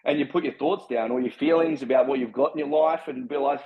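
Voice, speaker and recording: A man's voice: medium pitch, fast, phone-quality sound. A man in casual chat, talking bluntly and swearing heavily in a preachy way. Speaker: podcast guest.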